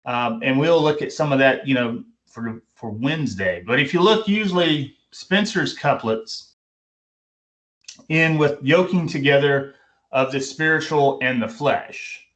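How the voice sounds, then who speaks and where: A man's voice: medium pitch, measured pace, fairly bright tone. A middle-aged man teaching a recorded online lecture, informal, repeating his points with frequent ums and restarts. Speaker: instructor.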